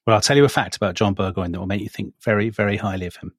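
A man's voice: fairly low pitch, fairly even intonation, rapid-fire, dry recording. A man co-hosting a podcast, telling history in a chatty, teasing way. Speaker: podcast co-host. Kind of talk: casual history chat.

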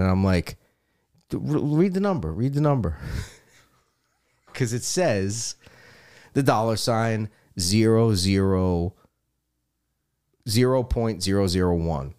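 A man's voice: fairly low pitch, measured pace, clean tone. Middle-aged man telling a story casually. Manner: animated anecdote with frequent swearing and laughter. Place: Los Angeles.

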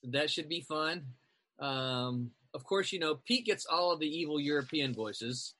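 A man hosting a casual online group chat, talking in a relaxed, rambling way with many fillers, over a computer mic on a video call. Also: a little high, a little slow, no room sound. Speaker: show host.

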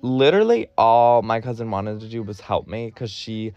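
Young male podcast host from Ohio, low-pitched and dry-sounding, blunt and profane, exasperated, quick sardonic asides. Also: sing-song, darkish tone, dry recording, muffled recording. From Ohio, USA. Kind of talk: candid solo podcast monologue.

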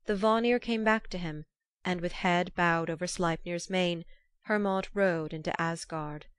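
A woman narrating an old myth in a measured, formal storytelling manner. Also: lowish voice, clear, resonant tone, dry recording.

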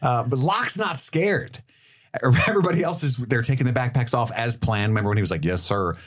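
A man co-hosting a casual podcast, joking and animated, often slipping into silly voices. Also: medium pitch, brisk. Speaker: podcast co-host. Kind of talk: casual chat.

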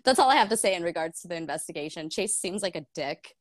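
A woman's voice: fairly low pitch, expressive, quick pace, no echo, studio quality. Laughing, candid young woman talking books. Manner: laughing often, candid, swears casually. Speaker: book club podcast co-host. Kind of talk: casual chat.

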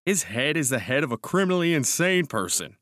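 A man's voice: a little high, big pitch swings, brisk, a bit bright, no room sound, studio quality, pitched above the performer's own voice. A man voicing a brash, breezy young male cavalry officer who speaks in a hearty, impatient way. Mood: blunt.

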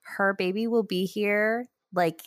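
A woman's voice: medium pitch, fairly even intonation, takes it slowly, no echo, clean studio sound. A woman co-hosting a casual podcast chat over a call, giggly and playfully teasing. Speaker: podcast co-host.

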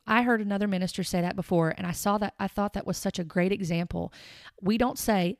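A woman in her thirties giving an earnest, emphatic Bible teaching, slowing down to stress her points. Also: mid-range voice, no echo, studio quality. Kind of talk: podcast-style teaching monologue.

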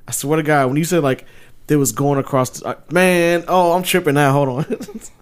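A man co-hosting a podcast, excitable in casual chat, swearing and laughing often. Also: on the high side, brisk, clean tone. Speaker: podcast co-host.

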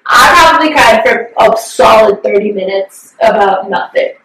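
A woman's voice: a little high, expressive, normal speed, a bit bright. A young woman in her twenties chatting casually, telling an emotional story candidly and swearing freely. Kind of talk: casual chat. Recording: roomy, distant from mic.

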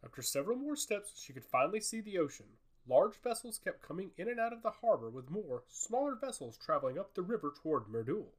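A man reads a fantasy story aloud in a storybook style. His voice sits a little high for a man and moves through a wide, animated range of pitch as he narrates. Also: fairly quick, hardly any pauses.

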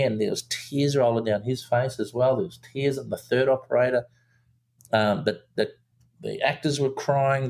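Gravelly man, a director guest, rambling animated anecdotes. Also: mid-range voice. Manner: animated storyteller, acts out quotes in a raised voice, many fillers and restarts. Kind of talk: casual storytelling interview.

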